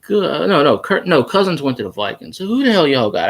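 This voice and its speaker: A fired-up man with a drawl argues back at viewer comments in a live fan chat, cursing as he goes. His voice sits a little high and swings widely in pitch. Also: very animated, a little fast, creaky, a bit bright. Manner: heated, profane, argumentative. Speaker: sports fan livestream host.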